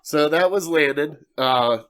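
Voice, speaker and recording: A man hosting a casual sports podcast, telling animated stories and laughing often as he acts out quotes. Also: a little high, a little slow. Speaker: podcast host.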